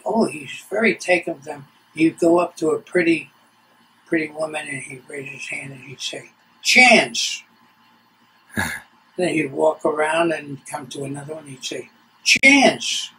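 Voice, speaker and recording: A woman's voice: low-pitched, a little hiss or hum, poor audio. An older woman doing stand-up, telling a joke in a leisurely way and repeating words as she goes. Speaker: comedian.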